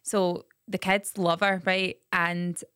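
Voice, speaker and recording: A Scottish woman co-hosting a podcast, telling family anecdotes in a lively, chatty way. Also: on the low side, slow pace, clear, resonant tone, dry recording, studio quality. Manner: animated storyteller. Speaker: podcast co-host. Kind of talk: casual chat.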